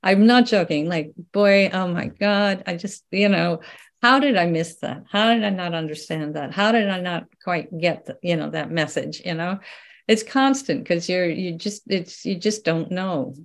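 An older woman talking as an interview guest, in a lively, casual way, laughing often and restarting her sentences. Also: lowish voice, normal speed, creaky. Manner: animated, laughs often, many restarts and fillers. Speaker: guest, researcher.

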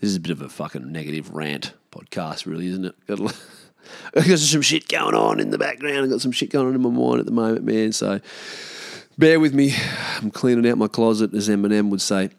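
Sweary Australian man ranting, gravelly. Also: on the low side, sing-song, fairly quick, no echo, studio quality. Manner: sweary, blunt, frustrated ranting. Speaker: podcast host. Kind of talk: solo podcast rant.

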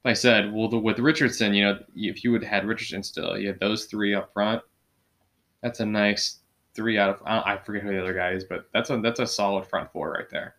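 A man hosting a casual podcast chat with friends, talking sports in an easygoing way. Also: fairly quick. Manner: animated, does high-pitched impressions when quoting. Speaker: podcast host.

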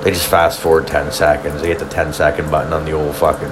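A man's voice: a bass voice, flat delivery, fast, background noise. A man hosting a solo podcast from home, telling a profane, rambling story full of filler words. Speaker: podcast host.

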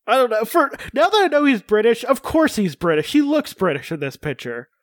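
A man's voice: very high-pitched, very animated, a little fast, no echo. A man co-hosting a casual podcast chat, reading out a character profile with joking asides. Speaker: podcast co-host.

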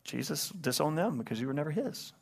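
A man's voice: on the high side, lively intonation, brisk, creaky, slightly rough. Impassioned male pastor preaching. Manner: impassioned, rising to loud climaxes then hushed. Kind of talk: sermon with altar call. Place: church sanctuary, livestreamed.

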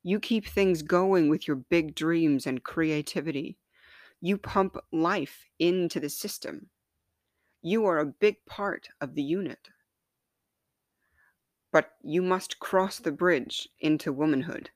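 A woman's voice: deep voice, takes it slowly, no room sound, studio quality. A woman voicing the Body as a patient grown woman who firmly coaxes the others to cross into womanhood. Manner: firm, coaxing, reassuring.

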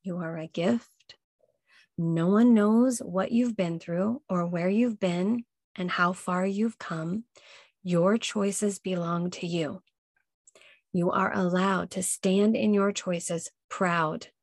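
Woman podcast host, unhurried and emphatic, uplifting self-help delivery, dry close recording. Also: on the low side, fairly even intonation, darkish tone, dry recording. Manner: slow, emphatic, encouraging, repeats key phrases. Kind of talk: motivational self-help talk.

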